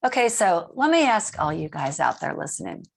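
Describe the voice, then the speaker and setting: A woman's voice: lowish voice, very animated, normal speed, creaky, husky. A middle-aged woman hosting a radio show, chatting and rambling in a casual way. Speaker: radio host.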